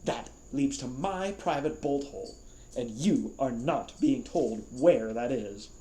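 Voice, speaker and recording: A man's voice: medium pitch, lively intonation, slow pace, dark tone, roomy sound. A man voicing a vain, theatrical young male wizard in a storybook reading, haughty and indignant.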